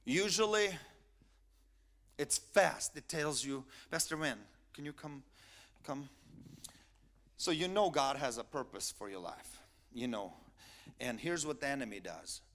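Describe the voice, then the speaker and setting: A male pastor preaching a sermon, swinging from quiet asides to loud, emphatic peaks. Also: medium pitch, lively intonation, a little slow.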